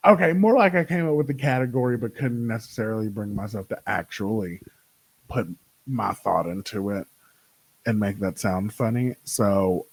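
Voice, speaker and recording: A man's voice: fairly low pitch, moderate pace, husky, dry recording, poor audio. Sassy, foul-mouthed young man chatting. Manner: sassy, profane, animated storytelling. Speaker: podcast host. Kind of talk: casual solo chat.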